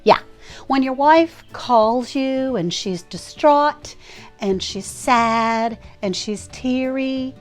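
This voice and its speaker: A woman's voice: high voice, extremely slow. A woman, a homestead vlogger telling viewers a story in a folksy, emotional way. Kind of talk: casual storytelling to camera. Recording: faint music behind.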